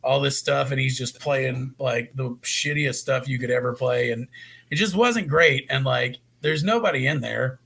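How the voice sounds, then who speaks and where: A man co-hosting a casual podcast, telling stories in a rowdy, profane way with a gravelly voice. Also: medium pitch, normal speed, fairly bright tone. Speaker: podcast co-host.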